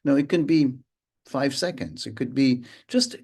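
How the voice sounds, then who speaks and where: Unhurried man teaching with pauses. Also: mid-range voice, lively intonation, vocal fry, darkish tone, breathy edge. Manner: unhurried, pauses often, hums and vocalizes rhythms to illustrate. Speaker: mindfulness teacher. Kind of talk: slow, reflective lesson.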